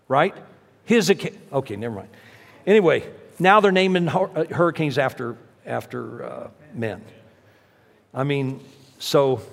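A man preaching a sermon as pastor, telling stories in an animated way and acting out the voices he quotes. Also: sits high. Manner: animated storytelling, acts out quotes. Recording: long hall reverb.

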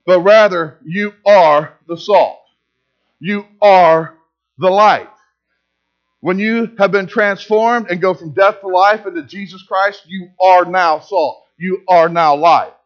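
A man's voice: sits high, takes it slowly, dull audio. A male pastor preaching a sermon at a church service, emphatic, repeating key phrases and asking the congregation questions.

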